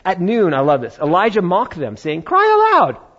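A man preaching a sermon, retelling a Bible story with lively acted-out voices. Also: high-pitched, moderate pace, slightly rough, dull audio. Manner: animated storytelling, acting out biblical voices. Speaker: pastor.

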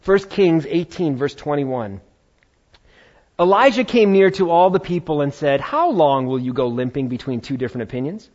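A man preaching a sermon, retelling a Bible story with lively acted-out voices. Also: a little high, normal speed, lo-fi sound. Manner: animated storytelling, acting out biblical voices. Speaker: pastor.

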